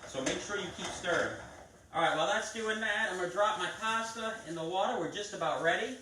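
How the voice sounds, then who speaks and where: A man's voice: sits high, a little fast, sharp tone, a little hiss or hum. A man hosting a live cooking stream, chatting viewers through each step of a recipe in a casual way. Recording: echoey kitchen, mic at a distance.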